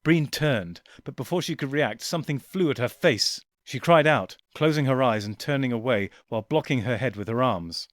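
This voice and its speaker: A man narrating a science fiction audiobook in a measured, quiet storytelling voice. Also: mid-range voice, animated, no echo, studio quality. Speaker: audiobook reader. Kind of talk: scripted narration.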